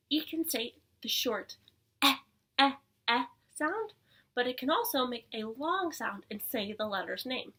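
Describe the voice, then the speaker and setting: A young woman teaching preschoolers from home, her voice bright and fairly high. She talks in an animated sing-song, gasping with delight and often sinking into a soft whisper. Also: husky. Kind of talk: circle time lesson for young children.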